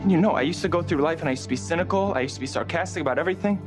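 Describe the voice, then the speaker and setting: A man's voice: a little high, very fast, over music, lightly acted. An actor playing a betrayed young man who demands answers, in sarcastic, insistent soap opera dialogue. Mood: angry. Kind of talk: daytime soap acting.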